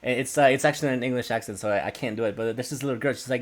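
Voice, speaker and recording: A man co-hosting a podcast in casual chat with friends, animated and laughing often, trailing off into mumbles, on a home mic over an online call. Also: medium pitch, fast talker, few pauses. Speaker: podcast co-host.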